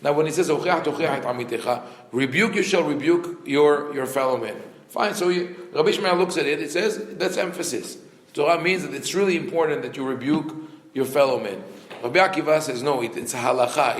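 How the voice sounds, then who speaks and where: A man's voice: fairly high pitch, a bit bright, roomy sound. A man, a rabbi, teaching a Torah class with rhetorical questions and frequent restarts.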